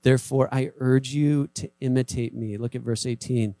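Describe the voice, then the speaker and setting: A man's voice: mid-range voice, fairly even intonation, normal speed, warm tone, no room sound. A man preaching a sermon as a pastor, talking conversationally and acting out short quoted voices. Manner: conversational, acts out quoted voices, emphatic repetition.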